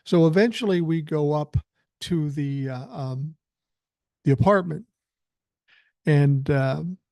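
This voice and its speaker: A man's voice: on the high side, takes it slowly, vocal fry, a little mellow, no echo, clean studio sound. A man in his sixties hosting a podcast, telling a rambling, chatty story with filler words while feeling unwell. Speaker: podcast host. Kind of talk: casual storytelling.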